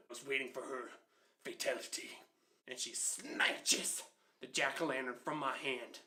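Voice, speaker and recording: A man in his twenties telling a comedic childhood story in an animated, conversational way, with quick asides to the listener. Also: mid-range voice. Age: 20s.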